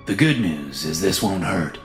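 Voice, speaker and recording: A man voicing a menacing big man who speaks in a low, calm, matter-of-fact way over background music. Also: a little slow, echoey room. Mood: calm threat. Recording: music playing behind.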